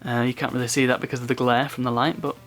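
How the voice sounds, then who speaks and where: A man's voice: medium pitch, little pitch movement, quick pace, a bit bright. A man casually chatting through an unboxing, rambling off on asides and chuckling at his own remarks. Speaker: unboxing video host.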